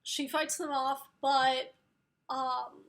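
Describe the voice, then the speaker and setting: Woman, high voice, slow unhurried talk, rambling, gushing book reviewer. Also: flat delivery, a bit bright, slight background noise. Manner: gushing, rambling, many fillers. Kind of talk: casual spoiler book review.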